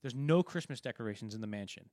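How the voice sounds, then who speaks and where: A man's voice: mid-range voice, expressive, quick pace, a little mellow, no room sound, clean studio sound. A man co-hosting a film podcast, casually retelling movie scenes in a rambling way with many restarts. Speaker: podcast co-host.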